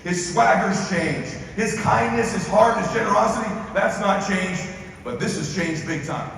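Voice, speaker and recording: Middle-aged male motivational speaker, forceful and repetitive, slightly high-voiced, recorded from afar in a large echoing hall. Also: lively intonation, normal speed, vocal fry. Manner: emphatic, repeats key phrases. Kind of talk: motivational stage speech. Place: large hall with a live audience. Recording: echoey hall, from far off, with ambient noise.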